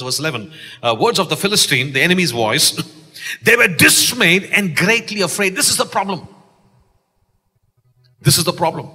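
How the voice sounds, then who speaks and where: A man's voice: high voice, lively intonation, moderate pace, slightly rough. A man with a Malaysian English accent, preaching an exuberant sermon in a church and calling for responses from the congregation. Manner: exuberant, calls for audience responses, shouts key lines. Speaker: pastor. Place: church sanctuary. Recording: long church reverb.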